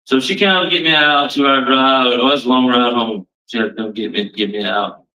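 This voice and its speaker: A man's voice: mid-range voice, a little fast, sharp tone, distant mic, highs cut off. A man giving a rambling personal testimony, casual and full of restarts. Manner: rambling, restarts often, casual Southern phrasing. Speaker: testimony speaker.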